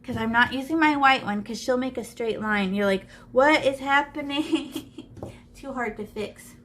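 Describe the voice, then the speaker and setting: Woman art teacher, kinda high voice, chatty and jokey, thinks out loud while drawing, little bit of hiss. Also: normal speed. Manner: chatty, playful, talks to herself while drawing. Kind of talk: live drawing lesson demonstration. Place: classroom.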